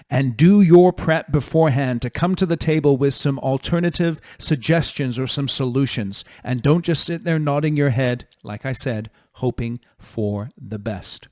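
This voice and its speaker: Male podcast host, mid-pitched, dry close mic, firm coaching delivery. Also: normal speed, darkish tone, no room sound. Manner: direct, coaching tone with numbered points. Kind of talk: solo advice talk.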